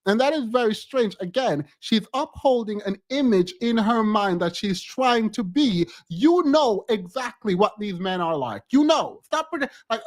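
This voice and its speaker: A man's voice: high voice, sing-song, measured pace. A man streaming reaction commentary on reality TV clips, exasperated and ranting, repeating words for emphasis.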